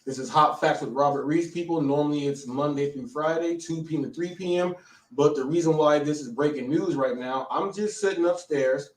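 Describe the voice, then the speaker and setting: A shaken American man talks fast in bursts, stammering and repeating words while he catches his breath. His voice sits a little high and sounds set back from the mic, in an echoey room. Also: recorded from a distance. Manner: breathless, repetitive, stammering restarts. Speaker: live show host. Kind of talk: excited live-stream storytelling.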